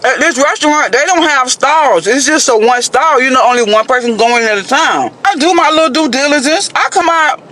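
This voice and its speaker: A man's voice: very high voice, brisk, hardly any pauses, pushed and bright, slight background noise. A man telling a dating story in a chatty, dramatic way, talking straight to listeners with lots of asides. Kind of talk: animated casual storytelling to viewers.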